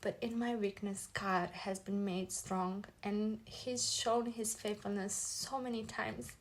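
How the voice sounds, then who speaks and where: A woman earnestly giving a personal faith testimony as a mother, her voice soft and often slipping into a whisper. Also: medium pitch, fairly even intonation, slow pace. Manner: earnest and heartfelt.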